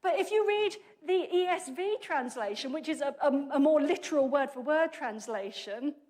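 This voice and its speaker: A woman preacher giving a chatty, humorous sermon, often correcting herself mid-sentence as she goes. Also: high-pitched. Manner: lively, chatty and humorous, with quick self-corrections.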